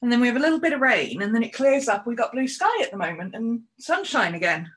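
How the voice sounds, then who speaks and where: A woman's voice: very animated, fast, fairly bright tone, low-quality recording. A woman chatting casually to her livestream viewers and cooing at her pets in between. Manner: talks to her pets in a high baby voice. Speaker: streamer.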